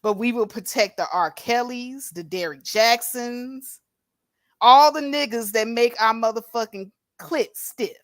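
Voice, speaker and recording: A woman's voice: a little high, a little slow, no echo, clean studio sound. Blunt, profane woman ranting on a livestream. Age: adult with a grown daughter. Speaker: livestream host. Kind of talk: unscripted livestream commentary. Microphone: plug-in microphone.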